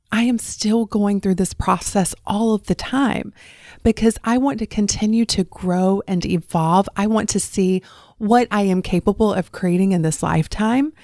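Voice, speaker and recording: A woman's voice: medium pitch, a little mellow, no echo, clean studio sound. A woman from the southern United States with a faint Southern accent, hosting a podcast as a life coach and talking straight to listeners in an earnest, encouraging way. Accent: faint Southern American. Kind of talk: solo podcast monologue.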